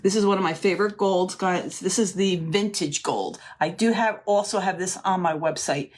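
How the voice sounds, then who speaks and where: A woman's voice: fairly low pitch, normal speed, slight background noise. A middle-aged woman hosting a live crafting demonstration, chatty and gushing, often calling her viewers "ladies". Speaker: crafting live-stream host.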